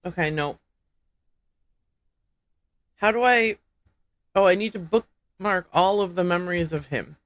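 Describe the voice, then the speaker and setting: A woman's voice: on the low side, a little slow, pauses often, dry recording, lo-fi sound. A woman livestreaming a video game, chatting casually and thinking aloud as she works out the puzzle. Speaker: streamer playing a video game.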